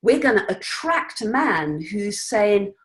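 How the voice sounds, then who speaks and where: A woman's voice: medium pitch, slow pace. Woman, interview guest, earnest, reflective, conversational, mid-range voice. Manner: earnest, reflective, animated with laughs.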